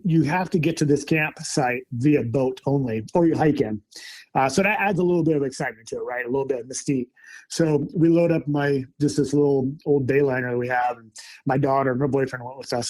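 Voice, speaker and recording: Middle-aged male storyteller, mellow tone, slightly raised pitch, animated casual retelling. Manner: animated, excited retelling with acted quotes. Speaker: storyteller recounting a camping encounter.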